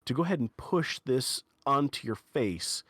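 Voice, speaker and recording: A man narrating as game master in a tabletop game, halting and playful, with many fillers and restarts. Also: medium pitch, lively intonation, fairly bright tone, no room sound, studio quality.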